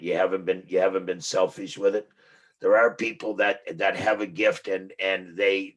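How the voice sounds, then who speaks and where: A man's voice: deep voice, a bit bright. A man hosting an interview, speaking earnestly and affirming his guest. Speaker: interview host. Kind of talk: casual interview talk.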